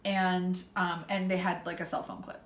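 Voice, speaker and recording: A young woman telling a story in a casual chat, loud and animated, swearing freely and acting out the people she quotes. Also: on the low side, normal speed. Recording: echoey room, faint background hum.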